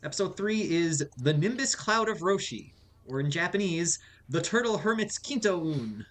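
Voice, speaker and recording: A man's voice: high voice, sing-song, normal speed, a bit bright. Young man, twenties, podcast co-host, casual and explanatory, lo-fi audio. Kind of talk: casual chat. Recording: lo-fi home recording.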